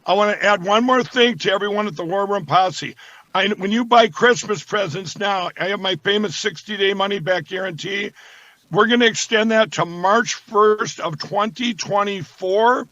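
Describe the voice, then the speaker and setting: A man talking as a guest, rambling and repeating words as he slips into a sales pitch. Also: normal speed, sharp tone, no echo. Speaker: guest, company founder. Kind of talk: casual talk with sales pitch. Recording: dull lo-fi sound.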